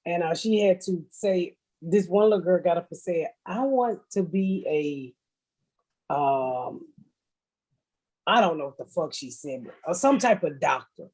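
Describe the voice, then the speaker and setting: A woman's voice: lowish voice, brisk, few pauses, darkish tone, breathy edge, low-quality recording. A woman hosting a podcast, telling blunt, profane comic stories in casual chat and laughing through them. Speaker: podcast host. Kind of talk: casual comedic storytelling.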